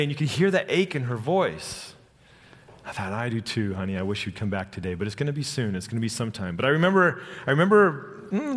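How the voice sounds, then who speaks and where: A middle-aged man preaching a sermon, telling personal stories in an earnest way and slowing down for dramatic lines. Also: medium pitch, fairly bright tone. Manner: earnest, personal storytelling with dramatic slow-downs. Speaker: pastor. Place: church sanctuary. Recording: long hall reverb.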